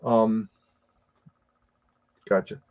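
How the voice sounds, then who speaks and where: An American man hosting a live stream, chatting casually and reading viewer comments, with a rambling, halting delivery full of repeated words and fillers. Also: fairly low pitch, flat delivery, a little mellow, lo-fi sound. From United States. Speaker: livestream host reading chat.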